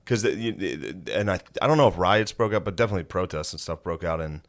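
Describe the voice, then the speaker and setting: Low-voiced man, dry podcast co-host. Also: expressive, fast, gravelly. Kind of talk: casual podcast banter.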